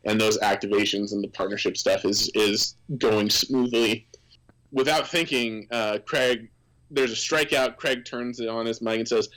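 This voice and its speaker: A man's voice: medium pitch, rough recording. Man telling rambling work stories. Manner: animated anecdotes with many fillers and restarts. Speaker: former team employee, guest. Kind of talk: casual storytelling on a podcast.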